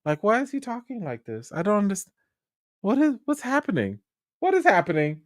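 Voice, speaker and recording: A man's voice: high-pitched, huge pitch swings, normal speed, dry recording, voice pushed up. A man voicing a confused, panicking studio executive who stammers through frantic questions. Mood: panicked.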